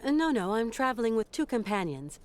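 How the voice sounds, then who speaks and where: Kate Walker, a polite, firm traveller. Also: female voice, a little high, very animated, brisk, darkish tone, clean tone. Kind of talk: video game voice acting.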